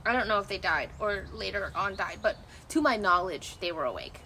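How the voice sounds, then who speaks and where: A woman's voice: medium pitch, brisk, a little hiss or hum. A young woman streaming outdoors, talking casually to her viewers in a loose, rambling way that often restarts and swears freely. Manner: rambling and animated, with many restarts. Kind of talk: casual chat.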